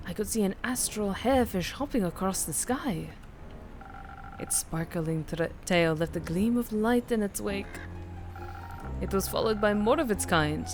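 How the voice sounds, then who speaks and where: A woman's voice: lowish voice, lightly acted. A woman voicing a wide-eyed, dim-witted male vampire who speaks in a wistful, awestruck way.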